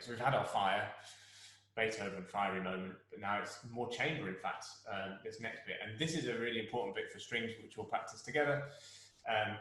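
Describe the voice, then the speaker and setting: Brief: male conductor, lowish voice, encouraging, sings the odd phrase, strongly reverberant room. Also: fairly bright tone. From England. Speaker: orchestra conductor. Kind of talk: rehearsal guidance to musicians. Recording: very echoey room.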